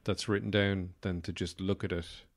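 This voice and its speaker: A man's voice: low voice, level tone, moderate pace. An Irish man hosting a podcast, rambling through a wry comic monologue with lots of fillers. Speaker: podcast host. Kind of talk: casual comedic monologue.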